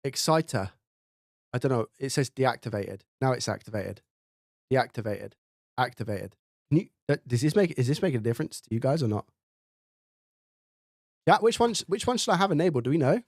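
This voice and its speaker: Male streamer, mid pitch, casual chatter and mic checks, dry close-up studio mic. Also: animated, a little fast, pauses often, no echo. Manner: thinks aloud, repeats mic checks, reads viewer chat. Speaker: live-stream host testing his mic. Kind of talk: casual live-stream chat. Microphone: studio dynamic mic, close up.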